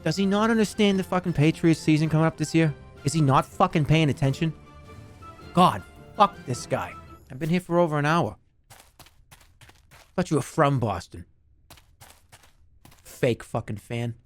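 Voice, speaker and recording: Picture a hot-headed sports fan whose ranting voice leaps up and down as he curses everything in sight, as a man puts him on for laughs. The voice sits a little higher and louder than the speaker's usual one, and every line is indignant and profane. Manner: ranting, swearing. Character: irate, profane male Boston sports fan.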